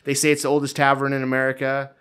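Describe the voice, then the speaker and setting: A man's voice: medium pitch, completely flat delivery, very fast, a bit bright, clear, resonant tone. A man co-hosting a podcast, telling a story in casual chat, with rambling restarts and chuckles. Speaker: podcast co-host.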